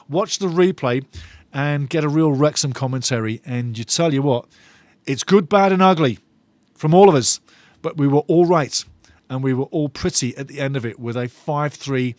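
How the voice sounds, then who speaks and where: A man hosting a live football watch-along for fans eagerly reads out viewer chat messages, often saying his phrases twice. The recording is dry and his voice is fairly high-pitched.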